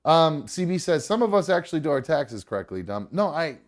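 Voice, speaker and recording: A man's voice: a little high, big pitch swings, fairly quick. A man hosting a live podcast, talking in a loose, joking, profane way with lots of fillers. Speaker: podcast host. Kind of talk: casual live show chat.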